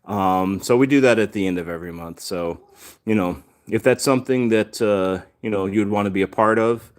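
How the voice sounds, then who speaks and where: A man's voice: on the low side, moderate pace. Chatty man hosting a cat livestream. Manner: chatty, self-aware sarcastic humor, talks to his cats. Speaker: livestream host reading chat. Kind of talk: casual livestream chat.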